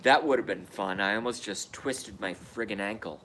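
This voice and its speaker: A man's voice: on the low side, normal speed, bright, forceful tone, a little hiss or hum. A man casually chatting on a live stream, grumbling and cursing at himself. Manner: profane, self-deprecating grumbling. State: hiccups.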